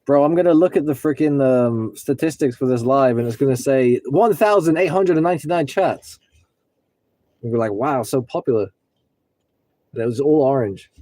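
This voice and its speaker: A man's voice: medium pitch, fairly quick, mellow. A man in his twenties, rambling casually to viewers of a livestream from his car. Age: 20s. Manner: rambling, talks to chat viewers, breaks into singing. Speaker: livestreaming rideshare driver.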